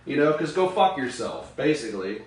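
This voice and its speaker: A man's voice: medium pitch, sing-song, moderate pace, darkish tone. A young man hosting a podcast, delivering an angry political rant full of profanity and bitter sarcasm. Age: young adult. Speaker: podcast host.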